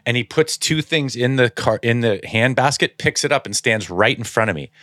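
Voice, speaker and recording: Male podcast co-host, animated anecdotes, average pitch. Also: moderate pace, no echo, studio quality. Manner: animated storyteller, acts out others with high squeaky voices. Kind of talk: casual chat.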